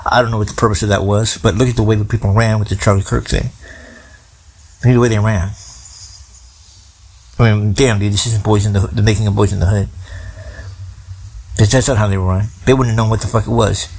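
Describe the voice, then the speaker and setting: A man's voice: fairly low pitch, fairly even intonation, a little fast, pauses often, a little mellow, husky. A man in his forties delivering a profane, rambling political rant in casual streetwise slang. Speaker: commentator.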